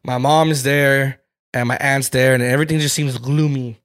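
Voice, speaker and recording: A man's voice: medium pitch, steady tone, normal speed, a bit bright. A man in his twenties, a podcast co-host, telling a candid personal story with plenty of swearing. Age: 20s. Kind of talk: casual chat.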